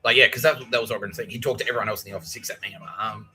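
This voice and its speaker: A man's voice: on the low side, fairly even intonation, very fast, over music, low-quality recording. A man with an Australian accent hosting a rambling, profane solo podcast monologue about conspiracies, often acting out other people's lines. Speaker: podcast host.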